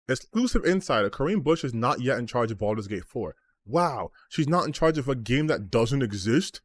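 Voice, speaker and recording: A man's voice: medium pitch, very animated, moderate pace, few pauses, no room sound. A man streaming as a gaming commentator, ranting about online comments with sarcasm, exasperation and frequent swearing.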